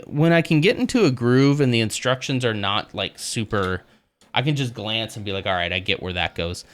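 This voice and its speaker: A man's voice: fairly low pitch, a bit bright. A man livestreaming as he builds a Lego set, chatting casually and laughing often at himself.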